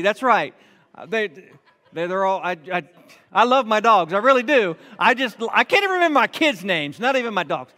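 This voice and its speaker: A man preaching a sermon, telling a homey story in an animated, self-mocking way and slowing down to stress his points. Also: high voice, big-room sound. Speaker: pastor.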